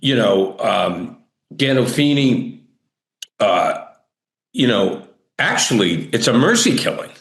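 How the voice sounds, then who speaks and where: A man's voice: lowish voice, sing-song, takes it slowly, fairly bright tone, reverberant. A man hosting an interview, talking enthusiastically and rambling with many fillers. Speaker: podcast host. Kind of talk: interview conversation.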